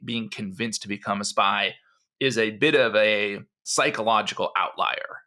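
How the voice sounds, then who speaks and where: The speaker is a male podcast co-host, medium in pitch with a bright, forceful tone. He narrates a historical story in a rambling, talky way, full of tangents, "you know," and restarted sentences.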